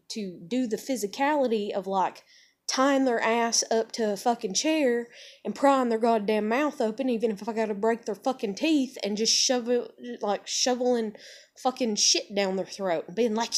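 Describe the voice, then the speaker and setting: A woman's voice: on the high side, moderate pace, a little mellow. Cursing, fired-up woman ranting to camera. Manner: heavy swearing, filler "like". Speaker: vlogger. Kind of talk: angry opinion rant to camera.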